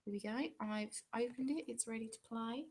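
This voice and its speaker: A little high and fairly even in intonation, her darkish voice moves at a fairly quick clip. She's an English craft channel host running a relaxed live-stream chat from home, replying to viewers with chatty self-deprecation.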